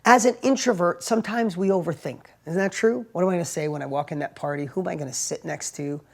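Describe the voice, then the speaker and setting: Animated man giving a casual motivational talk. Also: sits high, fast talker, gravelly. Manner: animated, emphatic storytelling with rising bursts and hushed asides; plain everyday wording, frequent "right?" tags. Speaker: motivational speaker and entrepreneur host.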